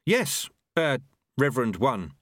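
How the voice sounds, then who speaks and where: A man's voice: medium pitch, very animated, takes it slowly, fairly bright tone, no echo, studio quality, exaggerated voice. A man voicing a flustered, earnest young male apprentice who protests and hesitates, in an audiobook. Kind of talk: audiobook character voice.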